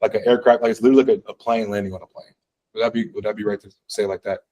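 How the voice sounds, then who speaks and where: A man's voice: on the low side, steady tone, very fast, mellow, low-quality recording. Guy teaching physics in a classroom, chatty, full of likes, keeps asking the room questions. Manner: conversational, lots of fillers, asks the class questions. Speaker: physics instructor. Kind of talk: classroom lecture. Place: classroom, also streamed online.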